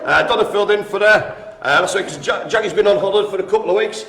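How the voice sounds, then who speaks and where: A man hosting a live-streamed bingo game, jokey and chatty, calling out names and often addressing the audience as ladies and gentlemen. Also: high-pitched, fast talker, very noisy. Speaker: bingo host. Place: indoor room at a care home. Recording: roomy with faint ambience.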